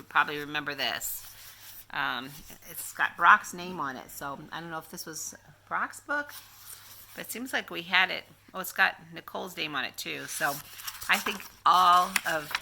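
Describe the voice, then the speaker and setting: A grandmother reads a picture book aloud to a child with lots of animation, pausing to ask questions. Her voice is deep and gravelly, with a slight hiss or hum in the recording.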